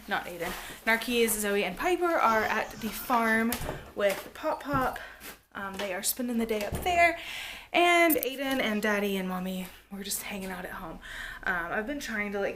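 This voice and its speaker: A woman in her thirties chatting candidly to the camera at home, soft and rambling with lots of fillers, sometimes dropping to a near-whisper. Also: medium pitch, a little hiss or hum. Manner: drops to a hushed near-whisper at times. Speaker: family vlogger, mother. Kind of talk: casual to-camera vlog chat. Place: home, indoors.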